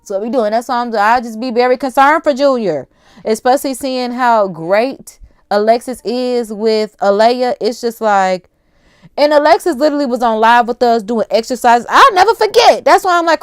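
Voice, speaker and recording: A young adult woman hosting a casual livestream, chatty and animated, talking straight to her viewers in slangy asides. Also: on the high side, normal speed, smooth, no room sound, studio quality. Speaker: livestream host.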